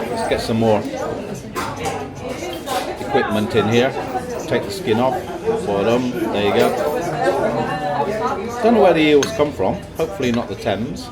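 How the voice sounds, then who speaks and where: A man casually narrating a travel vlog with dry, understated humour while tasting food at a busy outdoor market. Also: medium pitch. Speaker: travel vlogger. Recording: loud crowd and music behind.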